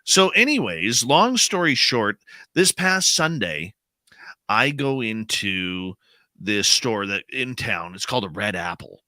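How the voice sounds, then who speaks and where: A man's voice: fairly low pitch, slow pace, no room sound. A middle-aged man, a radio host, telling a personal story in casual chat and acting out the quotes. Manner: animated storyteller, acts out quotes.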